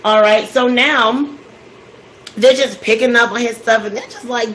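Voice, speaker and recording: A woman's voice: a little high, moderate pace, slight background noise, rough recording. A woman hosting a cooking vlog, chatting as she recaps a story and acts out the quotes. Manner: chatty, with animated quoted voices.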